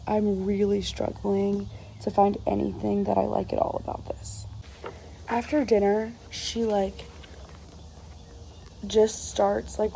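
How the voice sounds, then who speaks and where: A woman's voice: mid-range voice, creaky, warm tone, a little hiss or hum, poor audio. A woman chatting casually about a book she's reading, rambling and exasperated, with lots of filler words. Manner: exasperated, rambling, heavy use of filler 'like'. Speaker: book reviewer.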